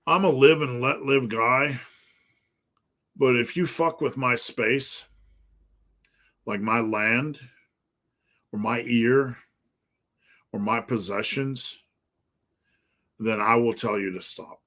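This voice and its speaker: A man's voice: mid-range voice, slow pace, long pauses, bright, forceful tone. A man, a fitness coach answering live viewer questions, talking bluntly and profanely in an emphatic rant.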